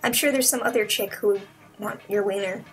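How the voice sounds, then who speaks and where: A young woman giving a casual, profane movie review, rambling and sarcastic, acting out the characters in quick voices. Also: mid-range voice, faint music behind, rough recording.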